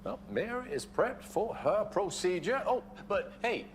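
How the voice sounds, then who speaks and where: An actor playing a scheming, menacing former scholar who talks in a drawling, mocking way, sometimes dropping to a hush. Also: male voice, sits high, unhurried. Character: scheming older male ex-scholar, menacing, folksy. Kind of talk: TV drama acting. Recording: TV clip audio with steady hum.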